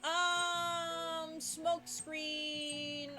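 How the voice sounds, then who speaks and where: A woman's voice: very high-pitched, little pitch movement, drawn-out words, sharp tone, soft background music. A woman giving casual, chatty gameplay commentary, often stopping to correct herself. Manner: chatty, self-correcting, laughs easily. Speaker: let's play host.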